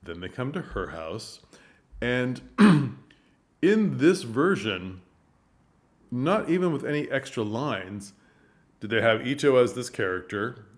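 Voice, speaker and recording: A man giving earnest, animated commentary on a stage production, telling the story with frequent restarts. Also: mid-range voice, slow, long pauses. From United States. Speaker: theater commentator. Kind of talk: casual commentary.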